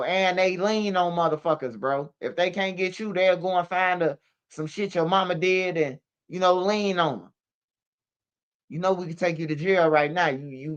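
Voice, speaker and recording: A man hosts a casual street news commentary stream, speaking in a slangy, emphatic way and closing lines with "bro" and "man." His voice is high-pitched and smooth, captured through a streaming setup microphone with dull audio.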